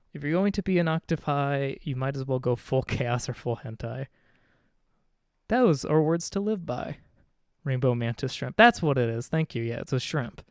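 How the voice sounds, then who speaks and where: A man's voice: mid-range voice, dry recording, clean studio sound. A man streaming a video game, chatting casually and joking with his viewers while he plays. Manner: chatty, jokey, reads game dialogue aloud. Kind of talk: casual gameplay chat. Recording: faint game music behind.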